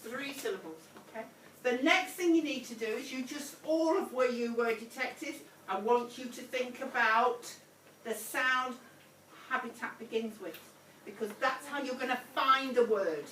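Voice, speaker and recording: This primary teacher's voice sits on the high side and is fairly bright, delivered at a moderate pace with a little hiss or hum in the background. Leading a phonics lesson for the whole class, she offers encouragement, repeats her prompts and addresses pupils as sweetheart. The classroom audio is echoey and picked up from far away.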